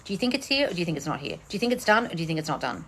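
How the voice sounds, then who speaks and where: A woman's voice: sing-song, rapid-fire, a bit bright. A woman manifestation coach answering viewer questions in a casual livestream, talking bluntly and swearing often while sitting outdoors. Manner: blunt, profane, swings between shrill bursts and low mutters.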